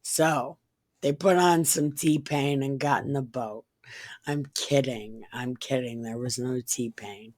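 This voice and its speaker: Lady reading the bible w crude jokes, low slow voice. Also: no room sound. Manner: deadpan reading with crude joking asides. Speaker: comedic scripture reader. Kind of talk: irreverent comedic Bible reading.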